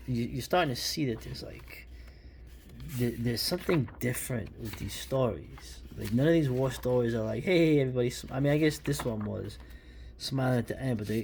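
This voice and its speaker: A man's voice: mid-range voice, creaky, darkish tone, slight background noise. A man in his fifties from New York, giving casual, rambling and opinionated commentary while paging through an old comic. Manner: rambling, opinionated, many restarts and asides. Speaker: comic book reviewer.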